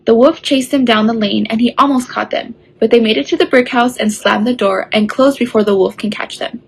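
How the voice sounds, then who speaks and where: A woman reading a children's story aloud in a steady storytelling way. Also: on the high side, vocal fry, slightly rough, rough recording. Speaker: story reader.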